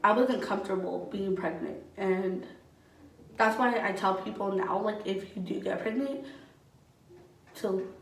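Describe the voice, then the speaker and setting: A woman's voice: medium pitch, steady tone, a little slow, vocal fry, long pauses, slight background noise. A young adult woman vlogger telling her own story in casual, candid talk, swearing often and saying "like" a lot. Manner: candid and blunt, heavy use of "like" and swearing. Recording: echoey room, voice from a distance.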